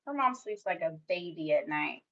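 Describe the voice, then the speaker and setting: A woman's voice: fairly low pitch, lively intonation, normal speed, fairly bright tone, dull audio. A young woman doing a tarot reading for her viewers, speaking bluntly and swearing freely with lots of "like" fillers. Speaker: tarot reader.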